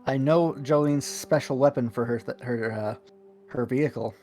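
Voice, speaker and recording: A man's voice: mid-range voice, normal speed, mellow, soft background music. A man chatting casually with friends while playing a video game, rambling and chuckling with many restarts. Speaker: streamer playing a city-builder game. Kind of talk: casual group chat while gaming.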